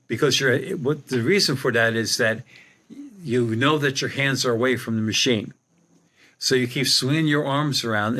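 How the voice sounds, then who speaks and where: A man's voice: medium pitch, sharp tone. An older man, a podcast guest telling a rambling anecdote with many restarts. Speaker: guest, psychic medium. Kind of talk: storytelling in a podcast interview.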